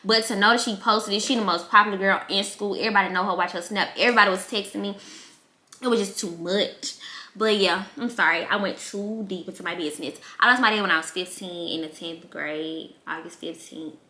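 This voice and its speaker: A woman's voice: mid-range voice, brisk. A young woman, candidly telling a personal story in a casual vlog and acting out her relatives. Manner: candid, emotional, animated quoting of relatives. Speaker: vlogger. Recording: echoey room.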